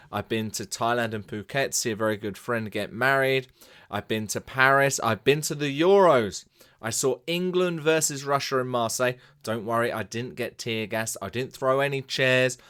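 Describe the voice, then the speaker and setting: Male podcast host, smooth resonant voice, chatty solo intro, upbeat storytelling. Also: medium pitch, a bit bright. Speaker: podcast host and sports broadcaster.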